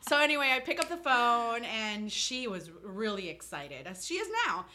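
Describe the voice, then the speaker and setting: A woman's voice: on the high side, sing-song, moderate pace, bright, forceful tone. A woman from South Florida co-hosting a podcast, telling a long-winded story in casual chat and laughing often. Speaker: podcast co-host.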